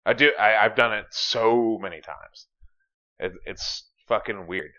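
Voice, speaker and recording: A man with a fairly low but bright, forceful voice, talking fast and casually with plenty of fillers and cursing. He co-hosts a podcast and keeps the chat loose and energetic. His mic sounds muffled and lo-fi. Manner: profane, filler-heavy, energetic. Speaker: podcast co-host. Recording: dull lo-fi mic.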